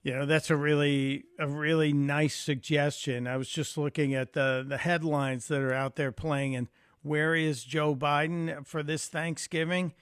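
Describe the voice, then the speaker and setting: A man guest-hosting a radio talk show speaks in a chatty, folksy manner with a slightly high voice. The studio mic sound is close and very dry, with no room around it. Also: steady tone, measured pace, clear, resonant tone, no room sound. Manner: conversational, folksy, with fillers. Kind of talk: talk radio monologue and call-in.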